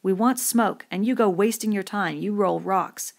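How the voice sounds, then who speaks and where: A man's voice: sits high, moderate pace. A woman reading a stubborn, urgent boy who leads the others, giving clipped, insistent commands. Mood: furious.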